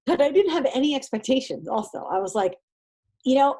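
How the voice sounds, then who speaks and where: Husky, animated woman guest. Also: a little fast. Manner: animated, acts out quoted exchanges in a higher voice. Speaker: podcast guest, triathlete and mindset coach. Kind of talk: casual interview talk.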